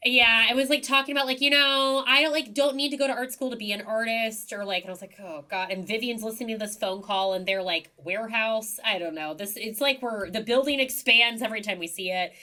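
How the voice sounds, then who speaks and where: A young woman co-hosting a podcast, recapping a TV episode in casual, animated chat full of likes and ums. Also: a little high, fairly quick, few pauses. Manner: chatty, animated storytelling with many likes and ums. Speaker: podcast co-host.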